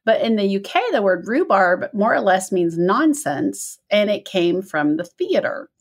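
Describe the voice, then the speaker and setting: A middle-aged woman co-hosts a relaxed chat, reading listener notes and telling family anecdotes. She talks freely and laughs often, with a voice of ordinary pitch. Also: measured pace. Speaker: podcast co-host.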